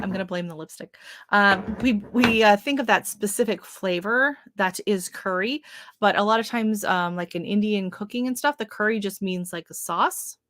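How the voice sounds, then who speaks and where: Greeting viewers by name, a woman hosts a live stream and rambles casually, using lots of filler words. Her voice is medium in pitch and a bit bright, and the livestream mic gives clean, dry studio sound.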